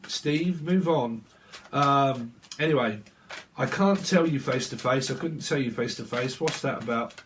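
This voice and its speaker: A man's voice: medium pitch, a little hiss or hum. Laughing man, off-mic. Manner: swearing, laughing, acting out quoted voices. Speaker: tarot reader. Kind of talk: casual tarot reading monologue. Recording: voice a bit far from the mic.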